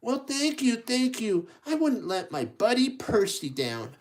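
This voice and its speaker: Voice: sing-song, a little slow. A reader voicing Thomas, an anxious little engine. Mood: grateful. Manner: eager, anxious, high-pitched. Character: worried friendly young male tank engine. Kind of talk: storybook read-aloud.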